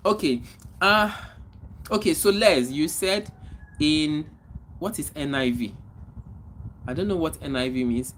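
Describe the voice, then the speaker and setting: A man's voice: fairly high pitch, slight background noise. Man hosting a casual livestream. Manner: reads out viewer comments and greets them by name; animated greetings, then slower reflective talk. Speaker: livestream host.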